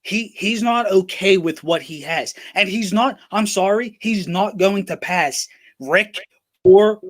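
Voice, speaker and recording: A man's voice: high voice, slow pace. A man co-hosting a sports talk show, making emphatic points and repeating them for force. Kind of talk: casual debate.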